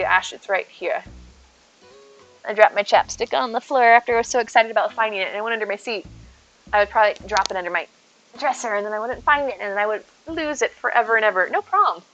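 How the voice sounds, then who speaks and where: A woman's voice: medium pitch, fairly bright tone, low-quality recording. A woman streaming a game, chatting casually and rambling to her viewers by name. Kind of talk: casual live-stream chat while gaming.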